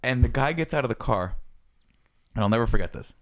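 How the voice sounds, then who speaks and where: A man's voice: mid-range voice, animated, a little fast, a little hiss or hum. A man in his thirties, a podcast co-host, telling a self-mocking story in casual chat. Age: 30s.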